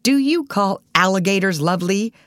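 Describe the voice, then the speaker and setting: A woman's voice: medium pitch, expressive, normal speed, dry recording, pitched above the performer's own voice, close to an everyday voice. A woman voicing a stingy, grouchy middle-aged male actor who complains and sneers at everything. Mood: sneering.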